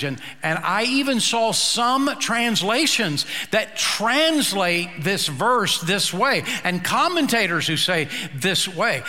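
A male pastor preaching a sermon, slow and emphatic, with dramatic pauses. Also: high voice, pushed and bright, long reverb tail.

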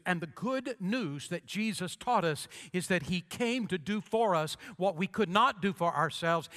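A pastor preaching a sermon with a preacher's cadence, repeating lines and calling on the congregation to answer. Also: male voice, high voice, fairly bright tone. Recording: long hall reverb.

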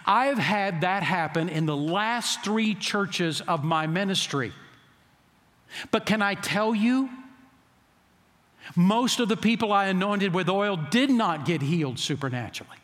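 A man's voice: high voice, expressive, a little slow, fairly bright tone. A middle-aged man preaching a sermon as a pastor, telling stories and pressing his points with emphatic rhetorical questions. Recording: long hall reverb.

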